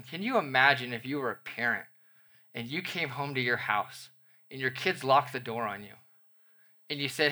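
Bright-voiced man preaching a sermon. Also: mid-range voice, animated, normal speed. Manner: expository preaching with acted-out everyday scenes. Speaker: pastor.

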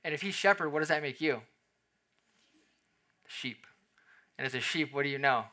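A man preaching a sermon as pastor, animated and conversational, acting out little scenes in quoted voices. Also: fairly high pitch, normal speed.

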